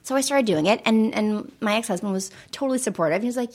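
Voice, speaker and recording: Woman, middle-aged, higher pitch, animated storyteller, casual talk, acts out voices. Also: fast. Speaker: guest. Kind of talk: casual conversation.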